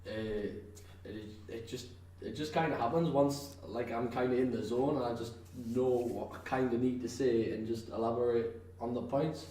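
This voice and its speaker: A professional wrestler with a North East English accent chats casually as a podcast guest, rambling through plenty of fillers and restarts and laughing often. His medium-pitched, dark voice holds a steady tone at a moderate pace. The mic sounds distant and echoey, with faint noise.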